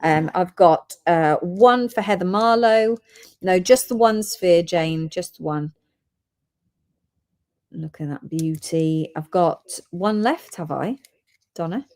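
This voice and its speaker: Woman, live sale host, chatty, reads codes, lowish voice. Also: slow pace, a little mellow.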